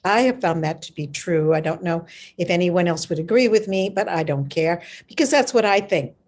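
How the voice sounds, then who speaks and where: A woman's voice: lowish voice, normal speed, a little mellow. A woman hosting a radio talk show, chatting casually with her guest and laughing easily. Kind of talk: casual interview chat.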